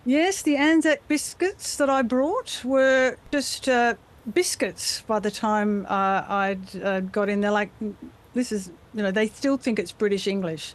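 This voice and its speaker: A middle-aged Australian woman talking as a guest in a live news interview, chatty and playful, slipping into quick impressions. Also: mid-range voice. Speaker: voice actor guest.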